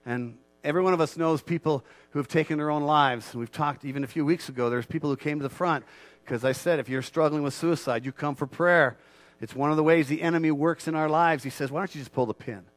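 A fairly high-voiced male pastor delivering a sermon. He shifts between hushed, earnest passages and loud, impassioned declarations, hammering key phrases again and again. The sound is close and dry, with no room echo. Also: quick pace. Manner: swells from quiet earnest talk to loud, fervent preaching; repeats phrases for emphasis.

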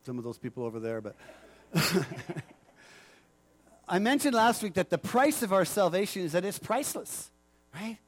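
A man's voice: high-pitched, sing-song, moderate pace, long pauses. A man pastor preaching a sermon in a conversational way, joking with the congregation.

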